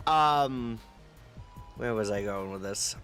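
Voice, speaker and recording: A male livestreamer chatting casually with his viewers in a relaxed, rambling way, with many fillers. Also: on the low side, slow pace, soft background music.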